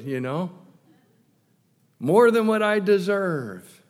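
A man preaching a sermon, asking rhetorical questions and swinging between loud emphatic lines and hushed ones. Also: fairly high pitch, big pitch swings, takes it slowly, long pauses, in a large hall. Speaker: pastor.

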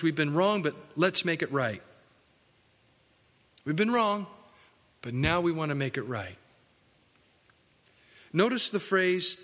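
A man preaching a sermon earnestly, his voice rising for emphasis and dropping low for asides. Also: fairly bright tone. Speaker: pastor. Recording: hall reverb.

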